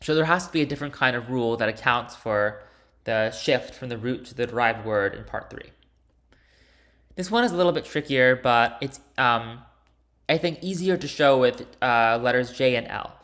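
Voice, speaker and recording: A linguistics instructor, a man with a medium-pitched, fairly bright voice, goes through a homework solution step by step in a recorded lecture. He uses some fillers and restarts along the way.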